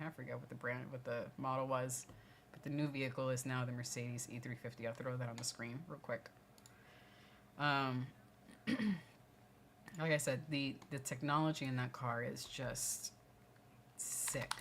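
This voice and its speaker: A woman co-hosting a livestream, telling a personal story in a casual, animated way and thanking viewers in the chat. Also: a bass voice, slight background noise. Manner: animated, laughing storyteller reading chat comments. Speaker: livestream co-host.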